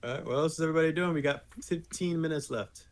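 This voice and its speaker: A man running a tabletop game as game master, talking casually with many pauses and fillers, and the odd swear. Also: on the high side.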